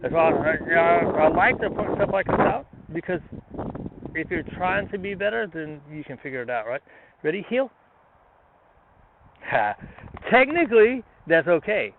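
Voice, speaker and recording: A man training his dog outdoors, talking himself through it in a relaxed way between short commands to the dog. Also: on the high side, normal speed, pauses often. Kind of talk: casual training explanation. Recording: tinny phone-like, noisy outdoors.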